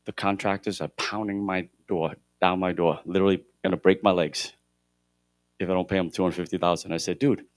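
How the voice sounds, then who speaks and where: Middle-aged guy giving a keynote story on stage, lowish voice, gets loud then goes quiet, dry close sound. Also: fairly quick, dry recording. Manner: animated storyteller, swings between loud emphasis and hushed moments. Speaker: keynote speaker at a real estate conference. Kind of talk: motivational storytelling speech. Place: conference hall stage.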